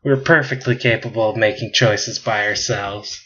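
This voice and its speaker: A man's voice: fairly low pitch, fairly even intonation, moderate pace, a bit bright, slight background noise, close to an everyday voice. An exasperated starship captain who defends his crew's choices, as a man reads him in a storytelling podcast. He sounds like an everyday man. The sound is dull and lo-fi. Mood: defensive. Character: defensive spaceship captain, male. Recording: dull lo-fi recording.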